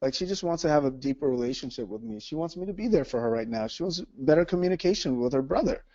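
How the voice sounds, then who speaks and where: A man hosting a casual faith conversation. He tells a personal story in an earnest, animated way and often checks in with "right?". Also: on the high side, fast talker, dry recording. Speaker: host. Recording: dull lo-fi dry recording.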